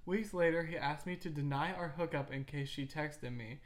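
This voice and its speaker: A woman's voice: low-pitched, moderate pace. A woman co-hosting a casual chat show, reading out listener stories with giggles and stumbling restarts. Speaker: podcast co-host.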